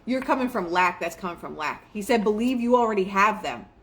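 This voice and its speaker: A woman's voice: medium pitch, a little fast, a little hiss or hum. A young adult woman hosting a casual motivational talk, chatty and full of fillers, acting out quoted asides. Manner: chatty, filler-heavy, quotes herself and others in lively asides. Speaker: manifestation show host.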